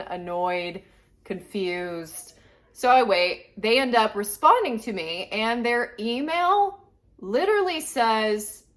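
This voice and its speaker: Woman, frustrated vlog rant, rambling asides, mid pitch. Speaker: collector vlogger. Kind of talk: casual venting rant.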